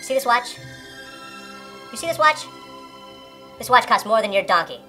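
A swaggering male sales boss who berates his elves, played by a woman in an amateur comedy sketch. The voice is bright and forceful and sits a little high. Faint music plays underneath. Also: animated, normal speed. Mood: berating. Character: brash abusive male sales boss from the North Pole. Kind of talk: amateur comedy parody acting.

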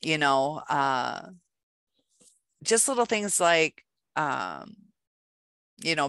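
A woman's voice: sits low, very animated, drawn-out words, creaky, long pauses, a bit bright, no room sound. A woman hosting a self-help video, talking casually to camera with lots of fillers and acting out small quoted exchanges. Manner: loose and chatty, many fillers, acts out little quoted exchanges.

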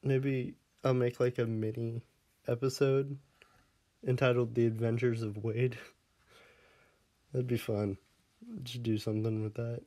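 A man's voice: mid-range voice, level tone, a little slow, pauses often, warm tone. A man casually commenting on his game as he plays, laughing often and scolding his pet dog in the game before fussing over him. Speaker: Minecraft let's player.

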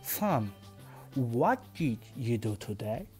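A man's voice: mid-range voice, very animated, slow pace, darkish tone, faint music behind, voice pushed down. A man reading as a stern storybook father with a Turkish accent. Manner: firm, lecturing. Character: stern father scolding his young son.

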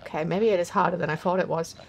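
A young woman giving loud, profane, self-mocking commentary while playing a game. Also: lowish voice, fairly even intonation, very fast, gravelly. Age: young adult. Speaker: gaming video host. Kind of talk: profane let's-play commentary.

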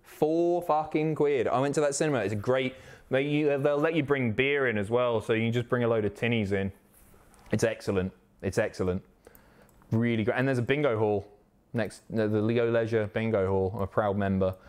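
A man from the Isle of Wight, chatting casually and excitably on a live stream, swearing often. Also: mid-range voice, moderate pace, clear, resonant tone. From Isle of Wight, England. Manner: excitable, sweary, reads chat aloud.

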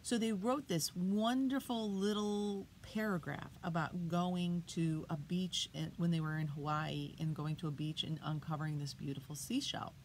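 A middle-aged woman teacher reading poems aloud to children, booming out the sound words and asking them questions. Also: fairly even intonation, normal speed, few pauses, a little mellow, slight background noise. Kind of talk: read-aloud poetry lesson for children. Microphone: iPad.

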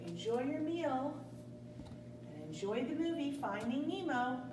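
High-voiced woman teacher, playful pretend-play. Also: a little slow. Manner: playful, sing-song make-believe. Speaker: preschool teacher. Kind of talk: classroom pretend-play as airline staff and pilot. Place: preschool classroom. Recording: echoey room, distant mic, steady noise.

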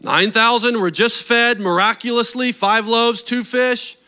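A man delivering a sermon with a high-pitched, sharp and forceful voice. He preaches with energy and pushes his listeners with rhetorical questions. His delivery is animated. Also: unhurried, clear, resonant tone. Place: church service.

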